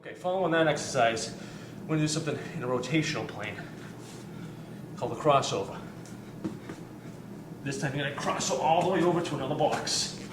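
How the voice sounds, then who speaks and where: A man demonstrating warm-up drills as a fitness coach, talking with energy and counting reps as he exercises, sometimes out of breath. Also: fairly high pitch, fairly quick, pauses often. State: out of breath at times. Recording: roomy, distant mic with ambient noise.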